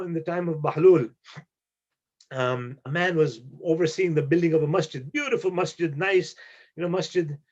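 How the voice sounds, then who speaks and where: A middle-aged man giving a sermon, telling stories earnestly and acting out the quoted dialogue. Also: high voice. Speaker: shaykh giving a memorial majlis. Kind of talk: sermon with storytelling. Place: community religious hall. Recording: dull lo-fi recording.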